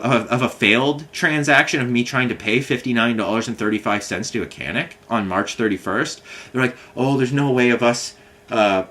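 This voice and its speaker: A man's voice: mid-range voice, bright, forceful tone. Rambling frustrated man venting. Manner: rambling, frustrated, many fillers and restarts. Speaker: vlogger. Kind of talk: casual monologue recounting a complaint.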